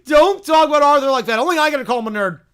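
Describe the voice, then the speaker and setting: A man's voice: extremely high pitch, normal speed, a bit bright, pitched above the performer's own voice. A man voicing a bossy, spoiled little princess who makes haughty demands. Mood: furious.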